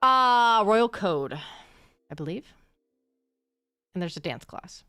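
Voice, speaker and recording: A woman's voice: mid-range voice, big pitch swings, slow pace, sharp tone, clear, resonant tone, no room sound, clean studio sound. A woman streamer chatting casually with her viewers, laughing often and answering chat. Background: faint background music.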